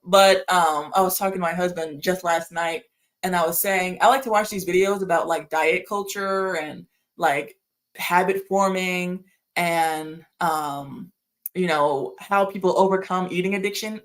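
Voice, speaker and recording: A woman's voice: fairly low pitch, a bit bright. Breathless chatty woman hosting a livestream. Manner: rambling, chatty, laughs often. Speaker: livestream host. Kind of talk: casual chat reading viewer comments.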